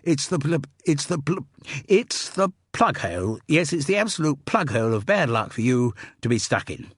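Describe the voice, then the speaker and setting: A cheerful, dim upper-class young gentleman, as a male reader puts him on, hearty and bumbling with stammering starts. His voice is slightly breathy and swings lively in pitch. The storybook recording is close and dry. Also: normal speed, dry recording, full character voice. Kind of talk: audiobook character voice. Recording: dry close studio sound.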